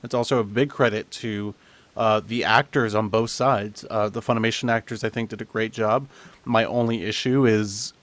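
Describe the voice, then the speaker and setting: A man's voice: lowish voice, fairly even intonation, normal speed, fairly bright tone, no echo. A man hosting a casual anime review podcast, chatty, with frequent restarts and laughs. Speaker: podcast host.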